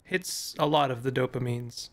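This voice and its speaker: A young man giving casual, rambling commentary while playing a game, with a voice that is going hoarse. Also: mid-range voice, fairly even intonation, moderate pace, a little hiss or hum. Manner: rambling, many fillers and restarts. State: losing his voice. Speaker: gaming YouTuber.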